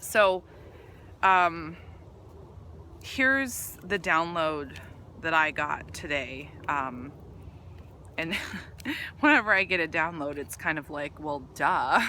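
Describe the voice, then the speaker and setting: Speaking slowly with long pauses, a woman who coaches female entrepreneurs addresses her camera in a casual, earnest ramble full of ums and restarts. Her low voice is expressive, bright, and forceful. The camera mic picks up a little hiss or hum.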